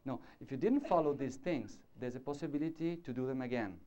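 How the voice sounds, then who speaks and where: A man's voice: mid-range voice, a little fast, warm tone. A man giving a live conference lecture on orthodontics, talking in a discursive way, demonstrating with gestures and checking in with the audience. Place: lecture hall before an audience. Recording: dull lo-fi 1990s conference tape.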